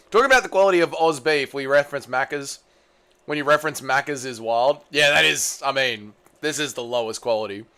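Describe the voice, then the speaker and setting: A man's voice: fairly high pitch, fairly bright tone, clean tone. A young Australian man livestreaming, casually reading his chat and bantering back with swearing and mock-patriotic ribbing. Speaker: streamer.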